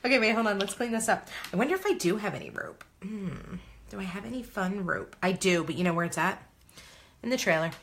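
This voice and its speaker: A woman's voice: medium pitch, lively intonation, brisk, creaky, a bit bright. A woman in her thirties hosting a casual crafting tutorial, bubbly and exclamatory as she chats to viewers while she works. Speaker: craft video host.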